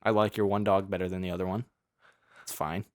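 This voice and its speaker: Low-voiced joking young man. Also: little pitch movement, quick pace, no room sound, clean studio sound. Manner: jokey, teasing, laughs while talking. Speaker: podcast co-host. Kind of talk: casual chat.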